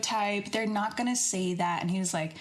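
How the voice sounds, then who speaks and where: Animated American woman telling stories. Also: mid-range voice, brisk, a crowd in the background. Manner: animated storyteller, acts out quotes. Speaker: podcast co-host. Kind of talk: casual podcast chat.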